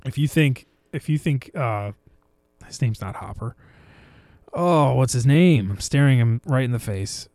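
A man's voice: medium pitch, expressive, a little slow, darkish tone, no echo. A man chatting casually about movies on a podcast, rambling with restarts and now and then putting on silly voices for quotes. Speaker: podcast co-host.

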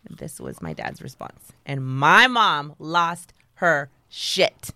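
A young woman guest on a podcast, telling her story in a dramatic, animated way with many restarts. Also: deep voice, takes it slowly, gravelly, no echo. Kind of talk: casual storytelling.

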